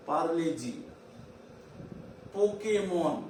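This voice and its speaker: A high-voiced man with an Indian English accent leads a virtual class, slowly drilling each term over and over. He sits well away from the mic, so the room rings with echo under a faint hiss. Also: recorded from a distance. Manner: slow, repetitive drilling of terms. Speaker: teacher.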